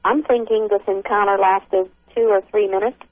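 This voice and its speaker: A middle-aged woman recounting a frightening encounter over the phone, halting, with many restarts. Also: mid-range voice, steady tone, dry recording. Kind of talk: emotional first-person account. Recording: tinny phone line.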